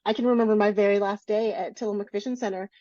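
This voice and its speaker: A woman's voice: mid-range voice, steady tone, fast talker, mellow, no room sound, muffled recording. A woman co-hosting a podcast, telling candid self-deprecating stories in casual chat. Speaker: podcast co-host.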